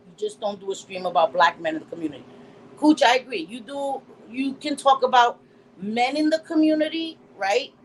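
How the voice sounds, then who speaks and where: A woman's voice: a little high, lively intonation, normal speed, a little hiss or hum, rough recording. A middle-aged woman from Puerto Rico hosting a casual live stream, blunt and profane, with Spanish words mixed in. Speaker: livestream host.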